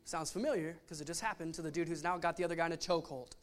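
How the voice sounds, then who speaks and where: A pastor preaching a casual, animated sermon, retelling a story with voiced asides. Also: male voice, fairly high pitch, rapid-fire.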